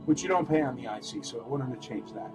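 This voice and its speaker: A man hosting a live-stream toy auction, chatting in a rambling, animated way and calling out bids. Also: medium pitch, fast talker, music in the background, poor audio.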